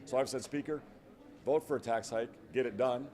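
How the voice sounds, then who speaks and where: Man, fifties, governor, folksy stump speech, earnest, repeats himself, mid-pitched, long reverb. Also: moderate pace, warm tone. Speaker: state governor. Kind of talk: stump speech to a chamber audience. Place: large event hall.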